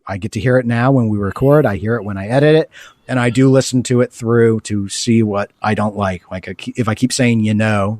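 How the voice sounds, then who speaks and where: A man's voice: fairly low pitch, no echo. A man with a nasal voice, co-hosting a podcast in loose, chatty, self-mocking talk. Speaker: podcast co-host. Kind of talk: casual podcast chat.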